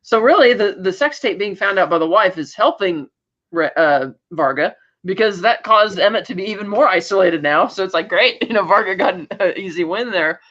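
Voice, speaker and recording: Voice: medium pitch, lively intonation, brisk, a bit bright. A podcast co-host talking through a TV episode in a casual, rambling way. Sentences restart and quoted lines get acted out along the way. The recording sounds muffled and lo-fi.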